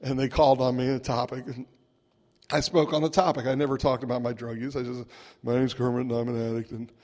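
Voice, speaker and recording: A man speaks at a recovery gathering in a wry, conversational way, chuckling through his story and tossing in little asides. His voice sits in an ordinary middle pitch. It rings out with the long reverb of a large hall, as heard through a PA microphone. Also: flat delivery, fast, darkish tone. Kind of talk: humorous personal storytelling talk.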